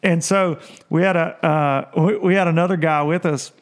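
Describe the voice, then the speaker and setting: Animated, laughing male fishing-show host. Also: fairly high pitch, normal speed. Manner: animated storyteller, laughs often, quotes others in voices. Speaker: podcast host. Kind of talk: casual storytelling chat.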